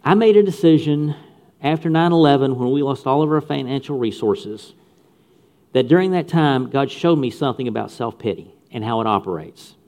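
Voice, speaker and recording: A man's voice: medium pitch, lively intonation, normal speed, darkish tone. A man preaching a sermon with punchy humor and repeated phrases for emphasis. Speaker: pastor.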